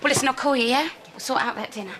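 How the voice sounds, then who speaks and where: A woman's voice: high-pitched, rapid-fire, background noise, natural voice. An actress playing a frazzled woman in a TV soap, chatty and exasperated. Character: frazzled middle-aged woman club runner, bitter. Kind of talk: TV soap drama.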